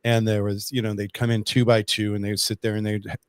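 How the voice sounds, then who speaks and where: A man's voice: lowish voice, flat delivery, fast, clear, resonant tone, no room sound. Male storyteller, casual and rambling, many restarts, dry close sound.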